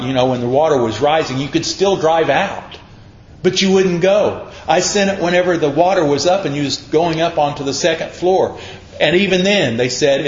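A man voicing God, scolding a stubborn man with incredulous questions. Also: close to an everyday voice. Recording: echoey lo-fi room with faint rumble.

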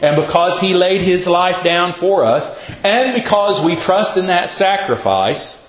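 A man's voice: high-pitched, expressive, measured pace. A man preaching a casual sermon, telling folksy stories and quizzing his listeners. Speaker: pastor. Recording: echoey, muffled room recording.

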